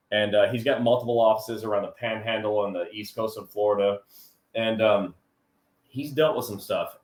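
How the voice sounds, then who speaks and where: A man co-hosting a casual live chat show, talking in an animated, jokey way with quick asides. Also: on the low side, roomy sound. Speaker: co-host of a live workers' comp chat show.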